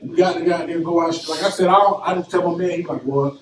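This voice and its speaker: A man's voice: on the high side, fairly even intonation, fast talker. A man, chatting on a podcast, swearing and acting out quotes as he tells stories. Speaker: podcast co-host. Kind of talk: casual chat. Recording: echoey room, mic at a distance, people chatting behind.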